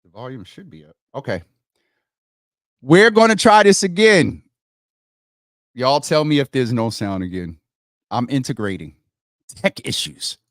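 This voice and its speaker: A man hosting a casual livestream, thinking out loud as he works through technical problems and talking straight to his viewers, calling them y'all. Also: medium pitch, very animated, unhurried, pauses often, no echo, studio quality. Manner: thinks out loud while fixing tech problems. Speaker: livestream host.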